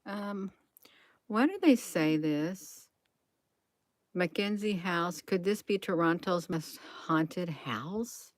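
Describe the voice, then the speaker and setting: A woman's voice: fairly low pitch, lively intonation, slow, dry recording. A woman hosting a casual livestream, musing aloud, reading from the screen and answering chat. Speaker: livestream host.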